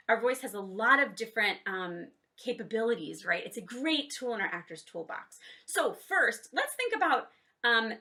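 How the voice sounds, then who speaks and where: A woman teaching kids drama online in a fairly high, bright voice. She cues each exercise cheerfully and shows how a character's voice can go high, low or silly. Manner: encouraging, cueing exercises with "ready, set, go". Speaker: children's theater teacher.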